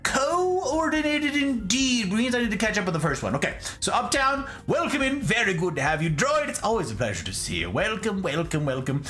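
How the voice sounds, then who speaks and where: A man hosting a live stream, chatting casually and greeting his viewers in a playful, animated way. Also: high-pitched, quick pace, hardly any pauses.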